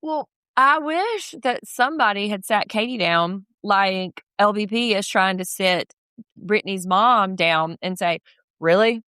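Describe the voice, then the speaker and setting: Animated woman co-hosting a podcast. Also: mid-range voice, a little slow, clear, resonant tone, dry recording, studio quality. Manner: animated, slips into quoted voices. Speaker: podcast co-host. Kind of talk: casual recap chat.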